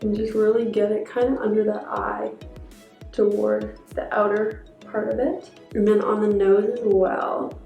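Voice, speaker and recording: Hoarse young woman in an echoey room. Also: medium pitch, flat delivery, unhurried, dark tone. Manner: chatty, walks through each step. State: hoarse from a cold. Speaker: beauty vlogger. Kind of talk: casual makeup tutorial. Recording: echoey room, faint background music.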